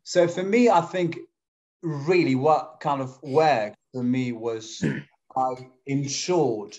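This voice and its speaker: Arabic-speaking male podcast host, chatty and example-driven, medium pitch, dull recording. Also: slow, a little mellow. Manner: explains by acting out examples. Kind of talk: casual conversation. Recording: dull lo-fi audio.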